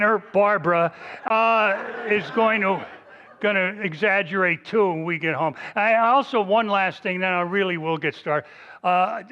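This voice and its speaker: A man's voice: a little high, pushed and bright, muffled recording. A retired history professor in his seventies giving a public lecture to a large audience, rambling and joking at his own expense. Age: 70s. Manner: self-deprecating, rambling, joking. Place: large library hall before a big audience. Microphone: stationary mic at a lectern.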